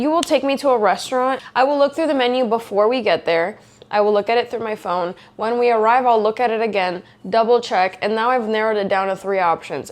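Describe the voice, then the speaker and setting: A woman in her twenties chatting casually at home in a vlog, rambling with lots of likes and little laughs. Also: mid-range voice. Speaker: vlogger.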